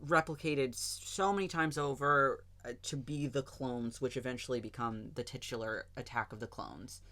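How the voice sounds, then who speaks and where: A woman co-hosting a podcast, rambling through a film plot in casual, animated chat and swearing now and then. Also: extremely low pitch, moderate pace. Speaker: podcast co-host.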